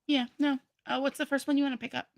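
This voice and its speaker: A woman co-hosting a casual livestream, joking wryly and filling pauses with "um" and "like". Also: high-pitched, flat delivery, vocal fry. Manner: wry, joking, many "um" and "like". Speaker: co-host of a livestream. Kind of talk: casual chat.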